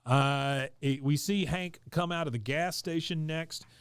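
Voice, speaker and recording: A man's voice: fairly high pitch, a little slow, smooth, no echo, studio quality. A man co-hosting a podcast, casually retelling a cartoon episode scene by scene, laughing often. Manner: laughs often, narrates scenes with quoted lines. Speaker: podcast co-host. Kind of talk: casual chat recapping an episode.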